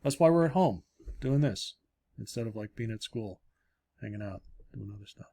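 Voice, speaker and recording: A middle-aged man, a high school government teacher, recording a casual lesson update from home with rambling, wry asides. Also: animated, normal speed, vocal fry, warm tone. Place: home, upstairs room.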